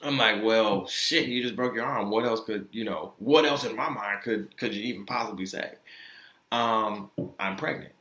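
A young man tells a personal story casually, candid and profane, acting out the lines he quotes. His voice is lowish, bright and forceful at a normal speed, and the room is echoey.

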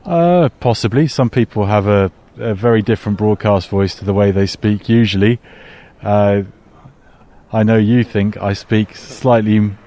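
A man who works as a sports commentator, chatting outdoors at a tennis venue with a dry, measured humor. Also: on the low side, warm tone. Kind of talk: casual chat interview.

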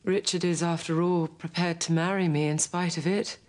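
Period drama: a woman as a proud young lady of the manor, low-pitched and controlled. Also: steady tone, moderate pace, a little mellow, close to an everyday voice. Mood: resigned. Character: proud young aristocratic daughter.

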